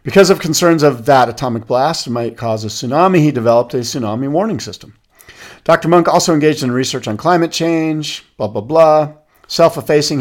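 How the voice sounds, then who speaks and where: Man co-hosting a casual podcast. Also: medium pitch. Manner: animated storyteller, rattles off lists. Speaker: podcast co-host. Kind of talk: casual chat.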